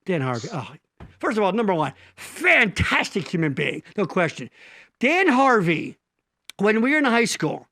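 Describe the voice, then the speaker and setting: Animated high-voiced joking man. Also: moderate pace, no echo. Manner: joking, rambling, crude. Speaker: live stream co-host. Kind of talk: casual live stream banter.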